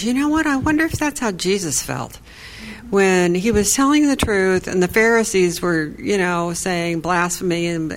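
A woman's voice: medium pitch, slight background noise, rough recording. Woman caller, conversational storyteller, quotes herself and others. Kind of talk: telling a personal church story.

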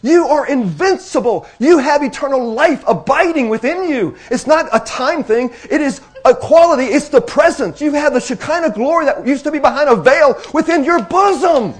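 Speaking at an extremely high pitch, a man delivers a sermon to his flock. His delivery drops to quiet, unhurried passages, then swells into loud, excited exclamations, with phrases repeated for emphasis.

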